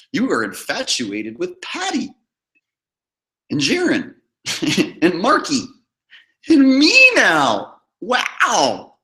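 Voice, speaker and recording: A man's voice: a little high, pushed and bright. A man hosting a reaction video, mocking and sarcastic and often laughing. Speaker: host. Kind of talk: reaction commentary.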